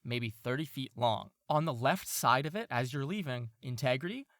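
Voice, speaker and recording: A man's voice: medium pitch, lively intonation, normal speed, a bit bright, no echo, studio quality. A man narrating as game master of a tabletop game, describing scenes and laughing often.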